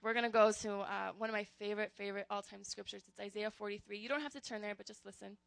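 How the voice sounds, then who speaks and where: A young woman giving a casual, earnest sermon, calling her listeners "guys" and speaking with animated conviction. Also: mid-range voice, fast, gravelly, no room sound. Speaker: youth preacher.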